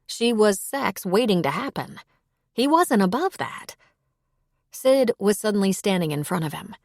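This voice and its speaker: A woman narrating a romance audiobook in an even, unhurried way. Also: mid-range voice, dry recording, studio quality. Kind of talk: scripted narration.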